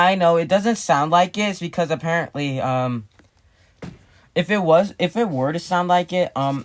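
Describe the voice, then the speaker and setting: Rambling man explaining his siren build. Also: fairly high pitch. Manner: rambling, restarts sentences, self-corrects. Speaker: hobbyist vlogger. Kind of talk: casual explaining.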